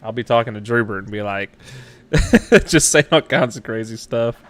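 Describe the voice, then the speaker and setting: Laughing, jokey host. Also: male voice, medium pitch, moderate pace. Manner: jokey, laughs often, self-deprecating. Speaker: webshow host. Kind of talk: casual live-stream interview.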